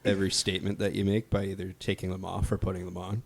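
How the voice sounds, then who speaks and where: A man's voice: low voice, monotone, quick pace, gravelly. A man co-hosting a podcast in casual chat, adding dry joking asides. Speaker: podcast co-host.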